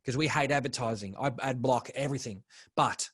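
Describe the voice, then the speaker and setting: A man's voice: mid-range voice, a little fast, a bit bright, husky, no echo. A young man co-hosting a podcast in casual chat, rambling and laid-back, swearing freely. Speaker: podcast co-host.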